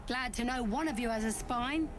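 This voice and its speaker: A woman gives voice to a hardened mercenary survivor in a fantasy video game. She sounds gruff and sardonic, grudging with every word of thanks. Her slightly high voice sits over a clear bed of ambient game noise. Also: moderate pace, natural voice. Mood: gruff, bitter.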